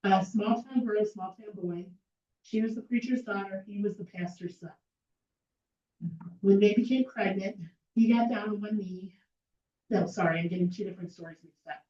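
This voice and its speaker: A woman's voice: medium pitch, normal speed, mellow. Emphatic woman presenting in an echoey hall. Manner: emphatic, rhetorical questions. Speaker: speaker at a political meeting. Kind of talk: persuasive presentation. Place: meeting hall. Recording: echoey room from far off, dull lo-fi.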